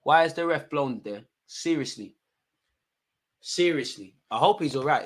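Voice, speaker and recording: A young man, streaming a live football watchalong, shifting between nervous muttering and loud outbursts at the referee. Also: fairly high pitch, unhurried. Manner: animated, swings from muttering to shouting at the ref. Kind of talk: live match reaction commentary.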